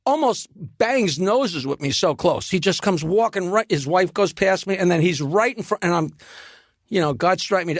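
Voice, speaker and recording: Podcast guest, male, high voice, dry mic, lively anecdote teller. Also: dry recording. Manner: animated anecdote teller with quick asides. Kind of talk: casual storytelling.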